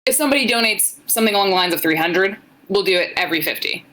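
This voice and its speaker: A woman's voice: mid-range voice, animated, rapid-fire, fairly bright tone, low-quality recording. Blunt young woman reading aloud. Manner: dry, blunt, joking. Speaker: podcast co-host. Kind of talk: casual live-stream chat, reading fan fiction aloud.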